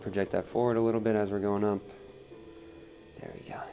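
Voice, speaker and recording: A man giving a relaxed live pottery demonstration at the wheel, talking through each step on a wireless mic in his studio. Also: lowish voice, brisk, gravelly. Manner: relaxed, talks while working at the wheel, reads chat aloud. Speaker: pottery teacher streaming a demo. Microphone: wireless transmitter mic.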